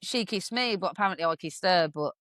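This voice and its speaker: Animated English woman telling stories. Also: fairly low pitch, fairly quick, no room sound. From England. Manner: animated, acts out voices, swears, laughs often. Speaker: podcast guest. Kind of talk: casual storytelling chat.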